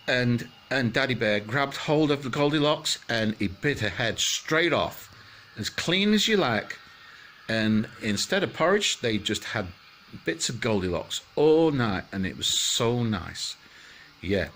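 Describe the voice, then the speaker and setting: A man's voice: mid-range voice, expressive, a bit bright. Guy rambling through a silly bedtime story, lots of ups and downs, faint hiss behind. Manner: rambling, halting, with many restarts.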